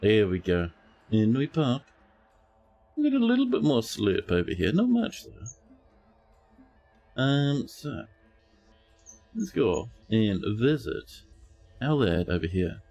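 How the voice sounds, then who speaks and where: Streamer maschile giocoso e chiacchierone che commenta un videogioco dal vivo, intonazione molto vivace, musica leggera di sottofondo. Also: male voice, mid-range voice, huge pitch swings, takes it slowly, gravelly, long pauses, mellow, faint music behind. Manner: playful, chatty, talks to game characters. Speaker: game streamer. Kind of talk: live gameplay commentary.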